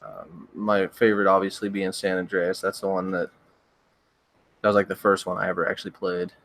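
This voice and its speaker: Young male streamer, low voice, dry close sound, easygoing and rambly. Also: a little fast, no echo. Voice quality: relaxed, rambling with frequent stammered restarts. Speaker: livestream host. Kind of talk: casual chat reading viewer comments.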